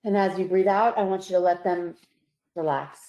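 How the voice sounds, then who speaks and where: Calm woman coaching relaxation, roomy sound. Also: on the low side, dull audio. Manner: calm, slow, coaching tone that softens on each release. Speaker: psychologist presenter. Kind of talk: guided relaxation instruction. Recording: roomy echo.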